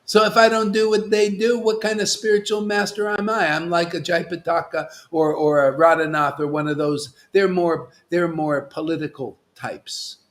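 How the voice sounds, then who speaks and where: A male spiritual teacher delivering a devotional sermon with a somewhat high voice. He scolds and insists, jumping from loud, punchy declarations to low, hushed asides. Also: fairly even intonation, moderate pace, hardly any pauses. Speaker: spiritual master.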